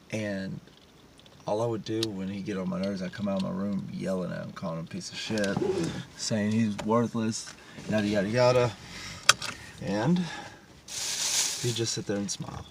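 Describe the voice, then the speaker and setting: A man's voice: fairly low pitch, steady tone, normal speed, gravelly, pauses often. A man talking in a raw, emotional personal confession, blunt and profane. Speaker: vlogger. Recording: distant mic with vehicle noise.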